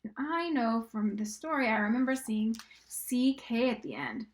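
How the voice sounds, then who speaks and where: A woman teaching a recorded reading and writing lesson to young children, patient and encouraging, sounding out words slowly and sometimes dropping to a whisper. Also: on the high side, animated.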